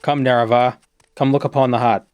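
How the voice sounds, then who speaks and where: A man's voice: medium pitch, fairly even intonation, fairly quick, darkish tone, clean tone, no echo, faint music behind, natural voice. A man voicing a grandiose villainous ancient lord in a game, speaking in a solemn, theatrical way.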